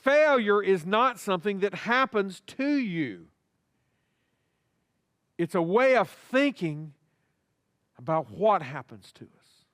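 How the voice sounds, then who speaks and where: A man's voice: high-pitched, very animated, slow pace, long pauses, fairly bright tone, no echo. Pastor guy preaching, acts out little back and forths, talks right to the pews, pretty dry sound. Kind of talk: sermon. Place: church sanctuary.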